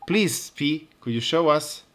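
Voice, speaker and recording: Quiet, earnest boy hero with a low, hesitant delivery, read by a male player. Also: lively intonation, a little slow, slight background noise. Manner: earnest, hesitant, soft-spoken.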